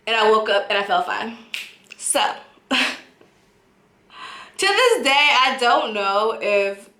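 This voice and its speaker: A young adult woman telling a story time in a vlog, animated and dramatic, often breaking into laughter. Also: on the high side, slow pace. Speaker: vlogger. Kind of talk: casual storytelling. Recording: roomy echo.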